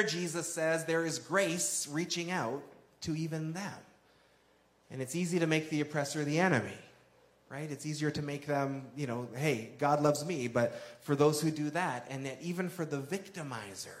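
High-voiced preacher in an echoey room. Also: male voice, fairly bright tone. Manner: conversational preaching, dramatic quoted asides. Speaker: pastor. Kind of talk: sermon.

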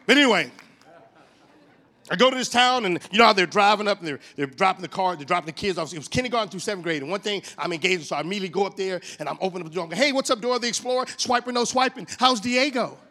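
A middle-aged man giving a comic, animated sermon as a motivational church speaker, telling stories with comic voices. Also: high-pitched, very fast.

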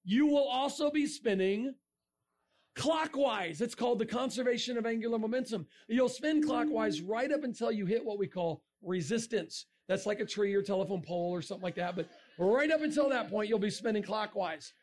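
High-voiced man giving an animated comic talk. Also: moderate pace. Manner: animated, jokey, bursts into shouts. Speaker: speaker. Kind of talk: comic science-and-faith talk to a crowd.

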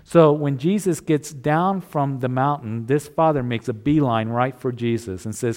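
A man's voice: mid-range voice, moderate pace, few pauses, darkish tone. Earnest male pastor preaching a sermon. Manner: earnest, conversational preaching with restarts.

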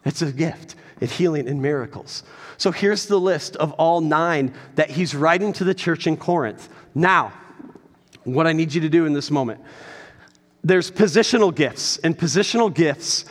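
A middle-aged man preaching a sermon as a pastor, telling a personal story with animated quotes. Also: a little high, moderate pace, in a large hall.

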